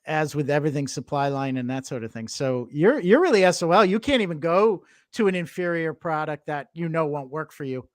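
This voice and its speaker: Teasing high-voiced man co-host. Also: animated, no echo. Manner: teasing, quick interjections. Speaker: podcast co-host. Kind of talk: casual chat. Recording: dry close sound.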